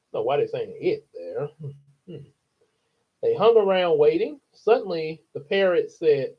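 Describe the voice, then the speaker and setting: A man's voice: a little high, very animated, husky, highs cut off. A man reading a children's novel aloud in a casual way, with chatty asides to his listeners. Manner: chatty asides, laughing, unhurried. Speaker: storyteller. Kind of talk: casual storybook read-aloud.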